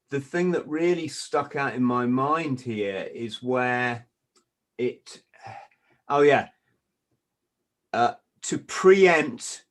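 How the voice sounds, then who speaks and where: A man hosting a podcast in casual discussion, often stammering and restarting, with sardonic asides. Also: mid-range voice. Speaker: podcast host.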